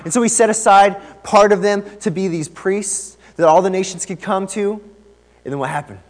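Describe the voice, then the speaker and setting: A man preaching a sermon in a church, with conversational and lively emphasis. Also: sits high, normal speed, long reverb tail. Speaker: pastor. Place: church sanctuary.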